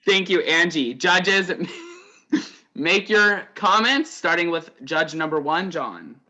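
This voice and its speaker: A man's voice: fairly high pitch, expressive, takes it slowly, pushed and bright, muffled recording. A man hosting an online competition game over group voice chat, loose and chatty, with laughs between announcements.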